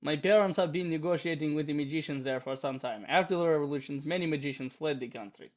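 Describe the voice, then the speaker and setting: A man voicing a brooding, self-doubting young male mage in a put-on Russian accent, speaking in formal, halting phrases. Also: fairly high pitch, pitched below the performer's own voice, natural voice. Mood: solemn.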